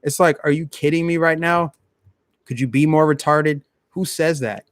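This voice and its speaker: A man's voice: fairly high pitch, fairly even intonation, moderate pace, dry recording, studio quality. A man hosting a live stream, ranting bluntly in casual commentary and talking straight to his chat.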